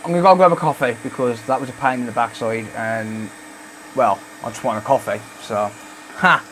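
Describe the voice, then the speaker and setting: A man's voice: medium pitch, moderate pace, a little hiss or hum. Chatty Black Country man streaming repairs. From Dudley, West Midlands, England. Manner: chatty, relaxed, calls viewers "mate". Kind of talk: casual livestream chat while repairing.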